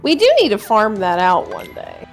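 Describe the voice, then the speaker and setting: A woman's voice: medium pitch, sing-song, normal speed, gravelly, faint music behind. A woman co-hosting a gaming podcast, playful and swearing as she interjects. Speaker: podcast co-host. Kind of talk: casual chat.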